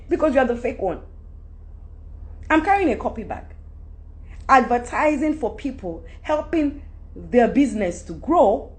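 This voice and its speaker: Nigerian lady going off on a phone live stream, high voice, swings up and down a lot, gets loud. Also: measured pace, pauses often. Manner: animated and preachy, rising to loud outbursts. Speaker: livestream host. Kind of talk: unscripted rant on a live stream.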